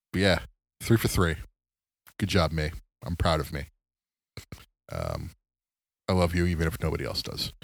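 A man's voice: sits low, dry recording. A man hosting a solo podcast, chatting casually about sports late at night, rambling and self-mocking, tired and yawning. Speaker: podcast host.

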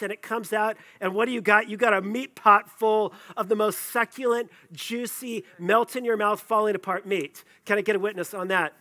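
A man's voice: high-pitched, bright, forceful tone. A male pastor preaching a sermon, conversational and playful, joking with the congregation between scripture readings.

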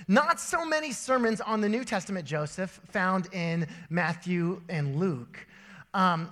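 A young adult man preaching a sermon to his church, telling stories with animated voices. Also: high-pitched. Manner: storytelling with animated voices and laughter. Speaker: pastor. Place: church auditorium. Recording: long church hall reverb.

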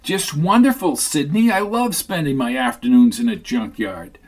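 A man voicing a sharp-tongued, free-spirited young woman who answers with sarcastic retorts. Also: a little high, expressive, moderate pace.

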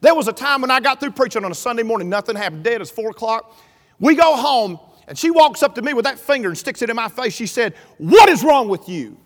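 Middle-aged male preacher, storytelling sermon, very high voice, big hall reverb. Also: expressive, fast talker. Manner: storytelling preacher, builds to shouting. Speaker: pastor. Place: church sanctuary.

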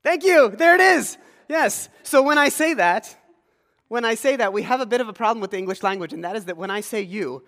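High-voiced pastor preaching in a big hall. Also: male voice, expressive, normal speed, a bit bright. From rural Pennsylvania. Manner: conversational, engages congregation with questions. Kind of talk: sermon. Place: church sanctuary.

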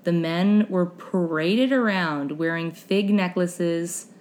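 A woman's voice: on the low side, slow pace, a little mellow. A young woman hosting a casual chat podcast, reading history notes aloud with wry asides and stumbling over unfamiliar names. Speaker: podcast host.

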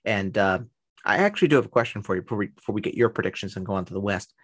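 A man's voice: lowish voice, lively intonation, very fast, a bit bright. A man co-hosting a podcast in casual sports chat, opinionated and given to repeating words as he starts. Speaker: podcast co-host.

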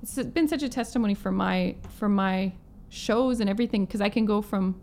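A woman from Manitoba, a guest musician, tells a story in a casual interview, with a touch of vocal fry in her mid-pitched voice. She acts out the quoted lines in her own voice. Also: fairly quick, darkish tone, slight background noise. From Manitoba, Canada. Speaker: guest musician, violinist and singer.

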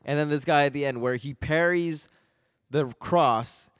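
Man, podcast chat, animated retelling, smooth resonant voice, dry close sound. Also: fairly high pitch, a little slow, no room sound. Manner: animated retelling, acting out lines. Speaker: podcast co-host. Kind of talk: casual chat.

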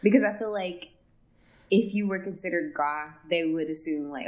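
A young woman co-hosting a casual film podcast, speaking in a halting, thoughtful way. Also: on the low side, a little mellow. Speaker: podcast co-host.

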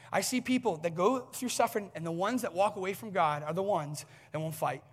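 A male pastor delivering an impassioned sermon, often rising toward near shouting. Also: sits high.

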